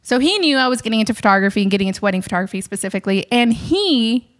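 A young woman chatting casually as a podcast host, animated and giggly, acting out quotes with big jumps in her voice. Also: fairly high pitch, very fast. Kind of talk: casual storytelling chat.

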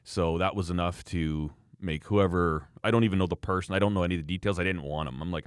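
A man's voice: low-pitched, quick pace, few pauses, clear, resonant tone, no room sound, studio quality. A man in his thirties telling a story in casual chat, laughing often and acting out quotes.

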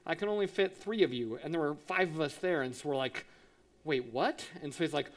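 Man, high voice, pastor, sermon storytelling, animated, acts out quotes. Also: fast.

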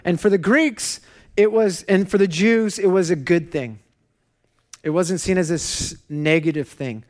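Animated pastor man preaching. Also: sits high, measured pace. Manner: animated storytelling, laughs and soft self-mocking asides. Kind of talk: sermon. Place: church hall.

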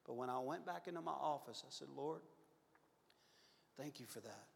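A man in his fifties, a pastor telling a personal story in a sermon, earnest and confessional, swinging from loud to hushed. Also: medium pitch, normal speed, vocal fry. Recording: long hall reverb.

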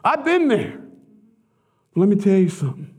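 A man preaching a sermon as pastor, telling stories with laughter and sudden high excited outbursts. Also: normal speed, breathy edge.

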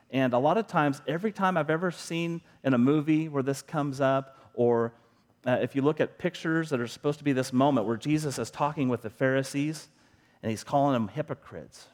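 A man's voice: on the high side, darkish tone. A middle-aged man preaching a sermon as a pastor, talking to the congregation in an earnest, conversational way and asking rhetorical questions.

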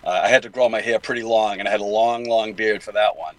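A man's voice: on the low side, steady tone, quick pace, no echo, poor audio. An older man with a Boston accent, talking at length as a guest in a casual interview, rambling with many fillers and restarts. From New England.

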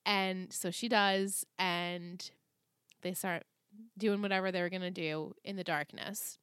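A woman in her thirties co-hosting a podcast, recapping a TV episode in casual chat and acting out the characters' lines with animated delivery. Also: on the low side, takes it slowly, clean tone, no room sound, clean studio sound. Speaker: podcast co-host.

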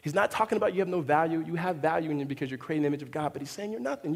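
A fairly high-voiced male pastor preaches in a reverberant church hall, animated and expressive. He restarts phrases often and slips into quoted voices as he goes. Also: very fast, creaky, slightly rough. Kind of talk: sermon.

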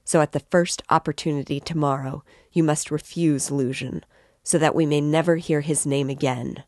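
A woman's voice: low-pitched, fairly even intonation, normal speed, darkish tone, dry recording, studio quality, lightly acted. A woman voicing a tormented, feverish young man who speaks curtly and in a strained, broken way. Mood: irritable.

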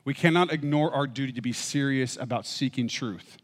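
A man's voice: mid-range voice, fairly quick. A man preaching a sermon, emphatic, and often asking rhetorical questions. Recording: echoey hall reverb.

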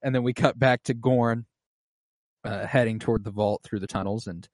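Male podcast co-host, mid-pitched and excitable, cursing freely, recorded dry. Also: normal speed, dry recording. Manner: excitable, swears often, lots of fillers. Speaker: podcast co-host recapping an episode. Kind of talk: casual chat.

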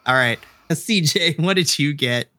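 A man's voice: fairly high pitch, measured pace, sharp tone, dry recording. Male GM, talkative and giggly, explains rules at length; dry booth sound. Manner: chatty, laughing often, explaining rulings. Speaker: game master. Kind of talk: running a tabletop game.

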